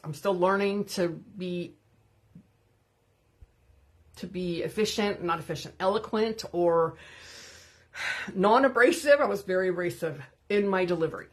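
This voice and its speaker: A woman's voice: on the low side, normal speed, long pauses. Candid woman hosting a livestream. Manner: candid, conversational, greets viewers by name. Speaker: livestream host. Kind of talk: unscripted live talk.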